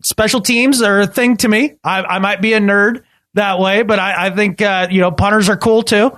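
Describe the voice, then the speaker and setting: A man co-hosting a casual sports podcast, talking emphatically and repeating himself when excited. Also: high voice, normal speed, no room sound. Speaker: podcast co-host.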